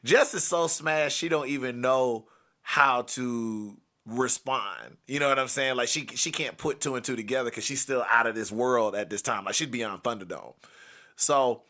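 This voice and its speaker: A young man doing stand-up storytelling, animated and switching into loud, angry put-on rants. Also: mid-range voice, moderate pace. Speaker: comedian telling a story.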